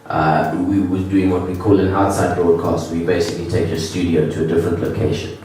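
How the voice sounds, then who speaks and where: A male stand-up comedian with a lowish voice, talking in a self-deprecating way with halting restarts. The sound is very echoey and taken from some distance, with faint noise behind. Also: level tone, darkish tone. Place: comedy venue with audience. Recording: echoey room from afar.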